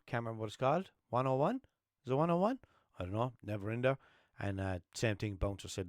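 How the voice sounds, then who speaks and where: A young man from Limerick with an Irish accent, hosting a podcast as a rambling, swearing casual storyteller who keeps jumping into animated quotes. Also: on the low side, a little fast, no echo, studio quality. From Limerick, Ireland. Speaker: podcast host.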